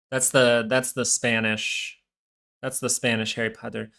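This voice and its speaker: A man's voice: fairly low pitch, monotone, fast talker, bright, forceful tone, clear, resonant tone. A man hosting a live stock market stream, giving casual, rambling commentary full of restarts. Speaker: stock market livestream host.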